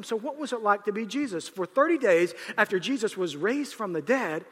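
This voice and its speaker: A male pastor delivering a sermon, his voice high and bright. He moves between hushed, personal moments and loud, emphatic peaks. The sound rings with the long reverb of a large hall. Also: fairly quick. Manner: animated, rising to loud emphatic bursts.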